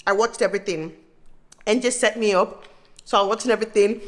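A woman in her thirties with a Nigerian accent, chatting excitedly to camera in a casual vlog, bubbly and laughing often. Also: medium pitch, quick pace. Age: 30s. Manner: bubbly, laughing, breaks into squeals. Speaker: vlogger.

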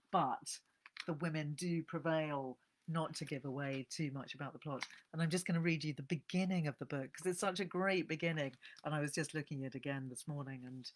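A woman chatting enthusiastically about a novel and reading its opening aloud, with chatty asides. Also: low-pitched. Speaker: book presenter. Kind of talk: casual book talk with reading aloud.

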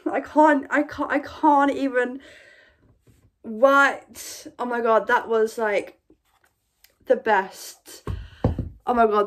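A woman's voice: fairly high pitch, a bit bright. A woman reacting in a vlog, gushing and tripping over her words. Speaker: vlogger.

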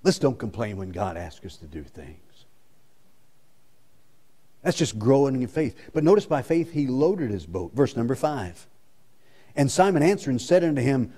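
A man's voice: medium pitch, very animated, normal speed, mellow. A male pastor preaching a sermon with emphasis, repeating his key lines.

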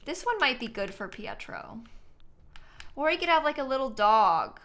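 A young woman with a high, fairly bright voice and big pitch swings talks at normal speed, with slight background noise. She's livestreaming a game, chatting casually and thinking out loud. Sleepy, she yawns as she thanks her viewers.

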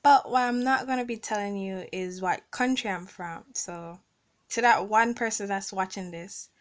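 A woman's voice: mid-range voice, moderate pace. A young woman from the Caribbean with a Caribbean English accent, chatting casually in a vlog recorded on her phone and reading out word lists. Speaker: vlogger.

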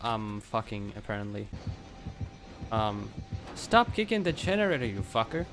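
A man's voice: on the low side, sing-song, moderate pace. Swearing, panicky man gaming over music. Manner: swears a lot, panicky outbursts, laughing. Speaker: gaming partner. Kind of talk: casual co-op gaming chat.

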